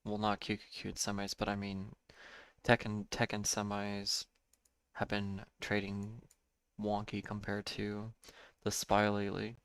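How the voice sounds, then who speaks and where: A man giving live day-trading commentary, measured and thinking aloud, correcting himself now and then, a bit tired. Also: lowish voice, completely flat delivery, fairly bright tone, clear, resonant tone, no echo.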